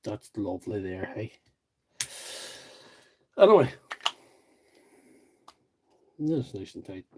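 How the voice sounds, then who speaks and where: A man's voice: low-pitched, animated, fairly quick, warm tone, a little hiss or hum. Chatty rural County Derry man. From Northern Ireland, County Derry. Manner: rambling, chatty, self-deprecating. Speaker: repair livestream host. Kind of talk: casual chat while repairing tools.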